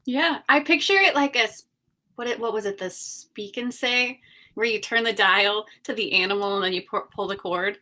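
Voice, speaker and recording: A woman's voice: medium pitch, normal speed, bright, forceful tone. A woman who giggles a lot, talking as a guest in a casual podcast chat. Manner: giggly, self-deprecating.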